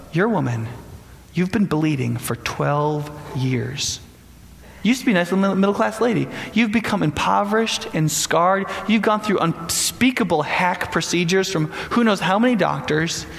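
Animated preacher man in a reverberant hall. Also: high-pitched, moderate pace, gravelly. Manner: animated, conversational, frequent rhetorical "right?". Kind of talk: sermon.

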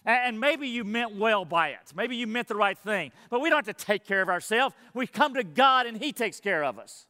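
A high, bright-voiced man delivers an earnest sermon as pastor. He presses his listeners with questions, and his voice rings out through the long reverb of a church hall. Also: animated, brisk, hardly any pauses. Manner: earnest preaching, rhetorical questions.

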